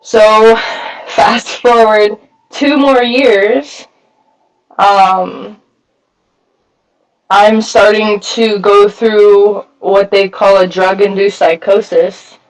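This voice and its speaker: At a recovery meeting, a man shares his personal story bluntly, swearing a lot and using many filler words, his voice a bit far from the mic. He speaks very slowly in a high, level tone, pausing often.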